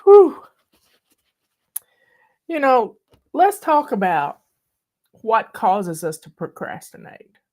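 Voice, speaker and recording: Slow, teary woman host. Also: mid-range voice, sing-song. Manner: folksy, warm-hearted, emotional, drawling. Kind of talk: casual live video chat.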